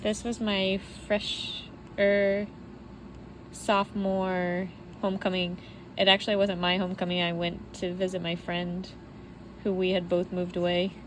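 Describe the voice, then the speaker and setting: A woman's voice: fairly low pitch, little pitch movement, unhurried, slight background noise. Heartfelt rambling woman vlogging at home. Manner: rambling and heartfelt, many "like" fillers. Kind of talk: casual personal vlog. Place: home while sorting belongings.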